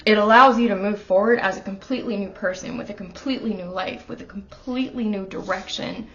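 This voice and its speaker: A woman doing a casual tarot reading in her apartment, speaking in a middle-range voice with a heartfelt, emotional manner. She talks straight to the listener, and the home recording sounds a little dull and lo-fi. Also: mid-range voice. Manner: earnest, emotional, talking straight to the viewer. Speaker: tarot reader.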